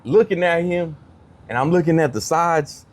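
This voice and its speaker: At a moderate pace, a man whose voice is on the high side tells a story as a comedian guest on a podcast. His casual telling is animated, with the other people's lines acted out in different voices.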